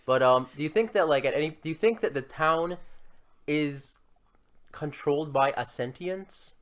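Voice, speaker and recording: A man's voice: a little high, moderate pace. A man co-hosting a podcast in casual chat, joking and blunt as he teases his co-host.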